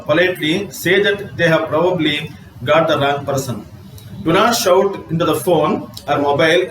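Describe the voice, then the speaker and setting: A male college English lecturer giving an online class lecture, reading his notes aloud in a measured way with some fillers. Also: fairly high pitch, a bit bright, a little hiss or hum. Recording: roomy echo from a distance with faint ambience.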